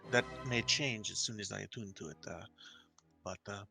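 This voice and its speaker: A man voicing a suave, scheming male mercenary leader with courteous, measured speech. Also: on the low side, vocal fry, music in the background.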